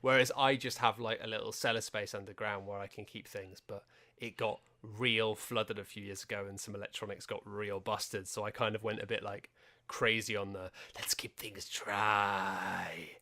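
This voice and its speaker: A man's voice: on the low side, level tone, moderate pace, pushed and bright. A man, a podcast guest, telling stories in a wry, self-deprecating casual chat. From England.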